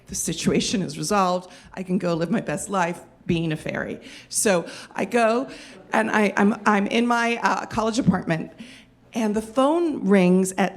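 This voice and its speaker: Animated woman telling a comic story. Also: mid-range voice. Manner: animated, self-mocking, lots of fillers and restarts. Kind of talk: comedic personal storytelling.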